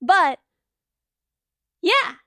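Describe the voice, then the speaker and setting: A woman's voice: very high voice, sing-song, bright, forceful tone, no room sound, studio quality. A young woman streamer chatting casually, cracking jokes and thanking followers. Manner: joking, quick quips, thanks new followers. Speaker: guest streamer.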